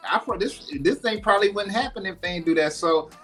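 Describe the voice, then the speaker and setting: A man who is a music producer, a guest on a podcast, talking in a loose, relaxed way with lots of casual fillers. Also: high-pitched, brisk. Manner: relaxed, loose, full of fillers like "you know what I mean". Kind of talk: casual interview chat.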